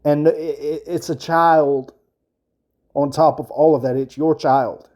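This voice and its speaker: A man's voice: on the high side, fairly even intonation, slow pace, darkish tone. A man hosting an earnest casual commentary, talking emphatically and repeating his points with frequent fillers. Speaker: commentary channel host.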